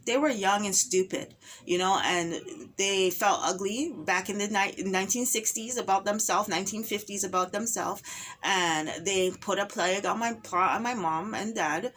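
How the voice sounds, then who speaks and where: A woman's voice: medium pitch, unhurried, a bit bright, slight background noise. Woman delivering an impassioned, repetitive rant. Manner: emphatic and repetitive, with rhetorical questions. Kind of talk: impassioned personal monologue.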